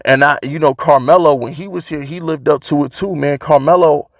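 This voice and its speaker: A man's voice: a little high, fairly quick, vocal fry, no room sound, studio quality. A man vlogging about his football team, talking casually and emphatically, repeating his points to drive them home. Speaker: sports fan vlogger. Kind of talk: casual opinion rant.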